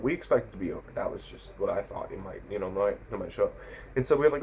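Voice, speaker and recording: This sixteen-year-old vlogger fires off stories at a rapid clip in a lowish voice, rambling and self-correcting as he retells them with animation to the camera. The recording is rough, with slight background noise.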